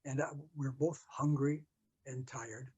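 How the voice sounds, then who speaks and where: An older American man telling a story from his past in an interview, halting with many fillers and restarts. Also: mid-range voice, fairly even intonation, mellow, husky, dull audio. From United States. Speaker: interview guest. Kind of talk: storytelling recollection.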